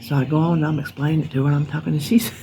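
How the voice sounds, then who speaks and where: A Southern US woman vlogger chats casually out on a porch with birds around, rambling like a folksy storyteller. Her voice sits low and steady, warm in tone, and she talks very fast over a faint hiss or hum.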